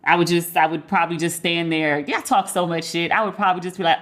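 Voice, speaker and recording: A woman's voice: fairly low pitch, quick pace, few pauses. A woman hosting a podcast, chatting casually about celebrity news in a candid, gossipy way with blunt, profane asides and playful talk of her crushes. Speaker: podcast host. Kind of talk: casual pop-culture commentary.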